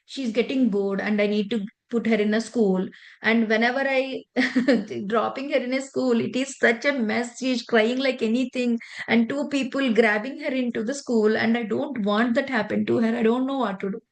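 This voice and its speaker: A woman's voice: fairly high pitch, fairly even intonation, moderate pace. A woman, teaching meditation in an earnest, conversational way with a personal story. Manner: earnest, conversational, loose grammar. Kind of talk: spiritual lesson with personal story.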